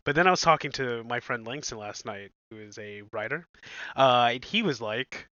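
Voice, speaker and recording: A man's voice: mid-range voice, animated, a little fast, pushed and bright, dry recording. A man co-hosting a podcast in casual chat, wry and self-deprecating. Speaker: podcast co-host. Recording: dull lo-fi sound.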